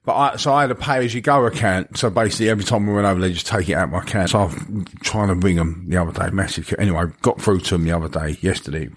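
A man's voice: low voice, steady tone, quick pace, few pauses. Joking man, podcast banter. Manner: swears freely, laughs at his own stories. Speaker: comedian and podcast co-host. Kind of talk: casual banter.

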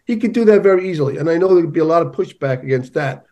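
A male journalist guesting on an interview show speaks rapid-fire in a voice on the high side, with lively intonation and a dark tone, on dull audio. In this conversational interview he's emphatic and tells stories.

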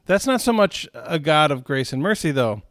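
Man, pastor type, slightly high voice, dry close sound, earnest conversational Bible teacher. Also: big pitch swings, moderate pace, fairly bright tone, dry recording. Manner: earnest, conversational teaching with frequent "right?" asides. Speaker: pastor leading Bible study. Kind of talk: recorded Bible study talk.

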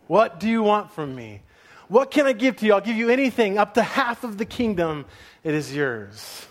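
A man voicing a generous ancient king, speaking slowly and softly in a sermon story. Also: high-pitched, very animated. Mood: magnanimous.

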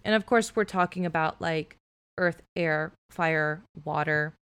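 A woman's voice: deep voice, a little slow, clean tone. A woman co-hosting a podcast, telling a story in casual chat and leaning heavily on "like" as she goes. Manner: animated storyteller, filler-heavy "like". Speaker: podcast co-host.

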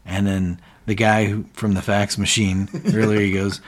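A man's voice: on the low side, level tone, normal speed, few pauses. A man co-hosting a podcast, casually retelling scenes and quoting characters in lightly shifted voices. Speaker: podcast co-host.

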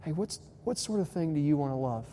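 A young man preaches a sermon, his voice dark and mellow and a little higher than most men's. He shifts between hushed tenderness and fervent, loud exhortation. The sound rings with long hall reverb over a faint hum. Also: expressive, fairly quick. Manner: swings from quiet tender lines to loud impassioned preaching. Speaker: pastor.

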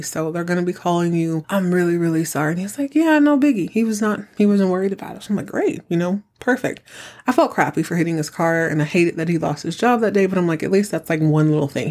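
A middle-aged woman hosting a podcast, telling a story in a chatty, animated way and acting out the dialogue. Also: fairly low pitch, very fast, hardly any pauses. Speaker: podcast host. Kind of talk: casual storytelling.

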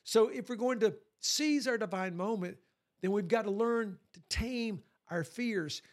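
A man preaching a sermon to his congregation, animated and lively, sometimes acting out voices. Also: high voice, a little slow. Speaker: pastor.

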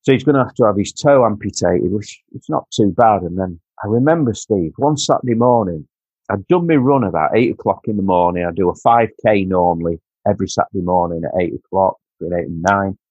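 A man telling an emotional personal story in a halting way, repeating words and growing quiet and choked at times. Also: low voice, slightly rough, dry recording. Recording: dull lo-fi dry sound.

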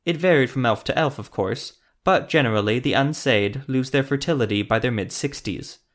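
A man reading fantasy audiobook narration in a steady, even storytelling manner. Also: mid-range voice, normal speed.

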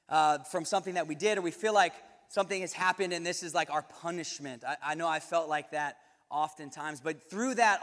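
A man's voice: high-pitched, fairly bright tone. A young man giving a casual sermon to a youth group, conversational and self-correcting with touches of light humor. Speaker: youth ministry speaker. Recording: reverberant hall.

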